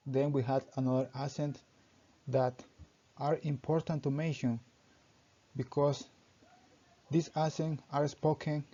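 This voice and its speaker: Young male student reading his presentation, mellow voice, careful and halting, muffled lo-fi sound. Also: fairly high pitch, a little hiss or hum. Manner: halting reading, often restarting sentences with "so". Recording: dull lo-fi recording.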